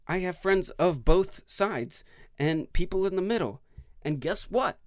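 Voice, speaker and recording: A young man hosting a casual solo podcast, rambling and swearing, swinging from low mumbles to loud outbursts. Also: dry recording, studio quality. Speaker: podcast host.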